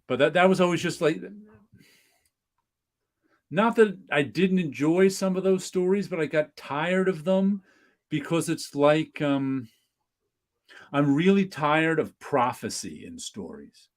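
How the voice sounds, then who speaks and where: A man's voice: a little high, lively intonation, measured pace, long pauses. A man hosting a casual podcast chat, joking and slipping into mock voices. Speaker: podcast host.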